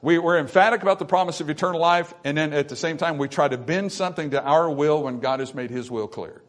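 A man preaching a sermon to his congregation, swinging between quiet, intimate stretches and loud, emphatic ones. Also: a little high, fast talker. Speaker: pastor. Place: church sanctuary.

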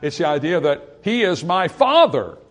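A man reads scripture in a sermon and explains it plainly, with conversational, filler-filled asides and passages that build through repetition and mounting emphasis. His voice is fairly high, sing-song and fairly bright, at a moderate pace.

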